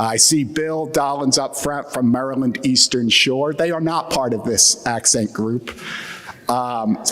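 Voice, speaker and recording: A man's voice: medium pitch, a bit bright, in a large hall. A man from the Philadelphia area giving a conference talk with a Philadelphia accent and a wry, joking lecture tone. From Atlantic Midland United States. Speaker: conference speaker. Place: conference hall.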